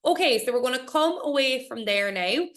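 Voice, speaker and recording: A young Irish woman teaching a class and reading a poem aloud slowly and clearly. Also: high voice, expressive, fairly bright tone. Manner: encouraging, reassuring, models pronunciation slowly.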